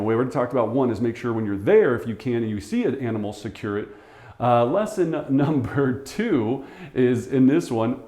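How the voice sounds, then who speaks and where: A middle-aged man, a real estate coach, telling a story to camera and acting out the people in it. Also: mid-range voice. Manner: animated, acts out the voices in his story. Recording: echoey room.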